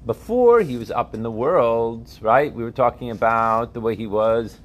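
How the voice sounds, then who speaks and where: A man's voice: medium pitch, normal speed. A man teaching a religious text class, often asking his students questions and checking that they follow.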